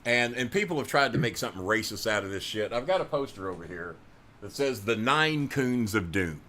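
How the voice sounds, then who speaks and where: A man's voice: fairly low pitch, expressive, fairly quick, slight background noise. A middle-aged man hosting a podcast, ranting with heavy profanity and chatting with viewers. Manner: angry, profane, loud, talks to chat viewers. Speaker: podcast host. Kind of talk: profane political rant and casual chat.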